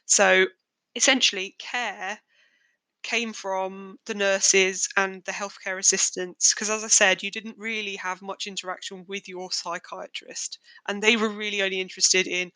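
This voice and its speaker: A woman's voice: mid-range voice, flat delivery, a little slow, sharp tone, smooth, no room sound, rough recording. A young woman, hosting a podcast and telling her own story in a candid, wry, darkly joking way. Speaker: podcast host. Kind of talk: personal storytelling monologue.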